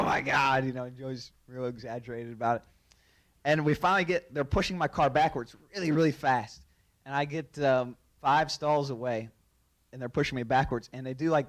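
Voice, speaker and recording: A man, a racing driver, telling an anecdote, laughing often as he goes. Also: a little high. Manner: animated, laughs through his story. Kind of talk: storytelling anecdote.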